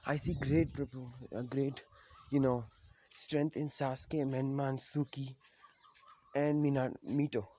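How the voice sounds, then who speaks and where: A man's voice: mid-range voice, level tone, unhurried, dark tone, natural voice. A man voicing a woman ninja examiner who announces verdicts firmly. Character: proud adult woman ninja examiner, Kushina.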